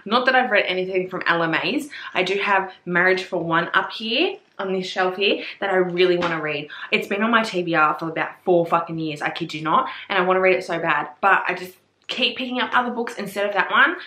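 A young woman talks through her book haul in a casual, swear-laden, excitable way, squealing and gasping over her finds. Her voice is bright and forward at an ordinary pitch. The room around her is echoey. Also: brisk. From Australia. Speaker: book vlogger.

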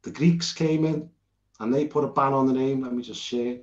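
A British man gives an informal Bible lesson while showing notes on screen, earnest and rambling, often restarting his sentences. His mid-range voice is steady and at normal speed. The recording is roomy, dull and lo-fi.

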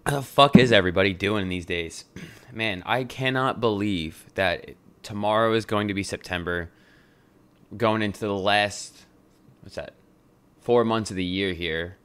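A man's voice: fairly low pitch, a little slow, fairly bright tone, clear, resonant tone. A young adult man hosting a podcast, talking in a loose, jokey way and swearing freely. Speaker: podcast host. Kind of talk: casual podcast monologue.

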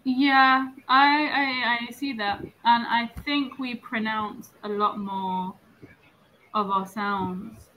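A woman's voice: on the high side, steady tone, slow pace, bright, forceful tone, slight background noise, low-quality recording. A young woman from northern England with a neutral English accent, chatting casually as an English tutor on a video call and laughing often.

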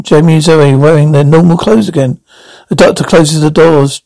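A man's voice: on the high side, steady tone, moderate pace, gravelly, mellow, no echo, low-quality recording. A man narrating a script in a plain, amateur read-through, often stumbling and restarting.

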